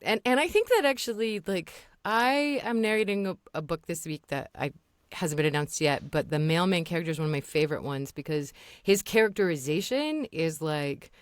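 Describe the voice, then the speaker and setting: A woman's voice: lowish voice, clear, resonant tone, no echo. Chatty woman voice actor, dry sound. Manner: animated, fast, full of fillers. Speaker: guest voice actor and audiobook narrator. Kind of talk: casual podcast conversation.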